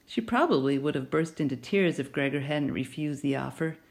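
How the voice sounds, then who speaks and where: A woman narrating a children's novel in an expressive storytelling manner. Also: sits low, brisk. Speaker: audiobook narrator.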